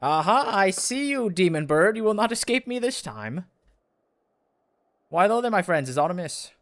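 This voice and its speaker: A man voicing a pompous, theatrical gentleman inspector with grandiose old-fashioned speech. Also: high voice, big pitch swings, normal speed, voice pushed up. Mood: excited.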